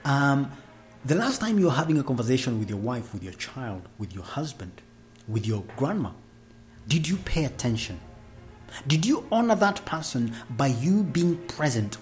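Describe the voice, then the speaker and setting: A woman's voice: rumbling low, sing-song, normal speed, darkish tone. A woman giving a motivational talk on family, preachy and full of questions to the listener, with faint music behind. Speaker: speaker on family relations.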